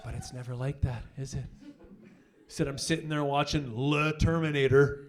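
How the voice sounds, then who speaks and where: A young man doing a stand-up comedy set on a club stage, brash and profane, telling animated stories into a handheld mic. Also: mid-range voice, normal speed. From Canada.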